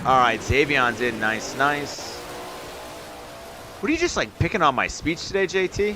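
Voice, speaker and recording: A man streaming and giving quick, upbeat live commentary on viewer runs in a game, calling scores and turn order. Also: medium pitch, sing-song, over music. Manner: upbeat, quick hype calls with laughs.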